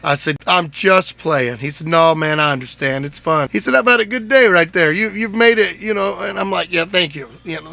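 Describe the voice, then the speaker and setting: A man's voice: high voice, gravelly, sharp tone, dry recording. A man hosting his own show, telling a story in a chatty, rambling, joking way. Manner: chatty, rambling, jokey retelling with many "I said". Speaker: podcast host. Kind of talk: casual storytelling monologue.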